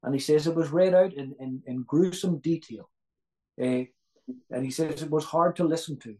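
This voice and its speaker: Preacher guy giving a sermon, voice on the higher side, keeps repeating himself for emphasis and firing questions at the crowd. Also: moderate pace, mellow, rough recording. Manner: earnest, repeats key phrases for emphasis; asks the audience rhetorical questions.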